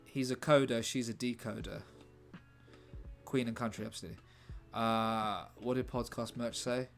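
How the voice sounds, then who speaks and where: A man with a mid-range voice, fairly even intonation and some vocal fry chats casually on a live stream at normal speed while writing a script. He rambles, cracks jokes and reads the chat aloud, with faint music playing in the background.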